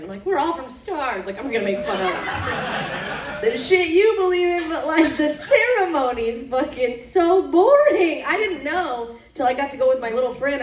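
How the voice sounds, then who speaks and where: A young woman from Mississippi doing a crude stand-up routine, laughing at her own jokes and acting out voices. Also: a little high. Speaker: stand-up comedian. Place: comedy club stage. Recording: echoey club room, distant mic. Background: audience laughter.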